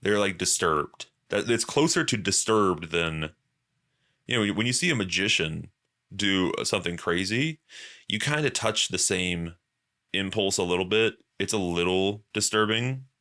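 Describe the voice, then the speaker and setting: A man's voice: low voice, a little slow, pushed and bright. A young man hosting a podcast, chatting casually and profanely and acting out quoted voices. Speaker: podcast host.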